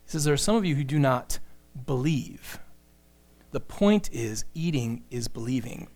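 A man preaching a sermon, explaining scripture in an earnest teaching manner and acting out quoted lines. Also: high-pitched. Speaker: pastor.

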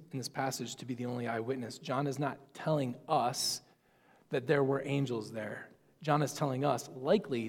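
A pastor giving a sermon, explaining a Bible passage in a conversational, musing way. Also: male voice, medium pitch, a little mellow, big-room sound.

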